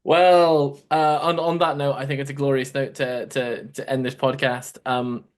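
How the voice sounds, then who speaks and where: A man's voice: medium pitch, little pitch movement, a little slow. A man hosting a casual podcast, easygoing as he steers segments and wraps up the show. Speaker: podcast host.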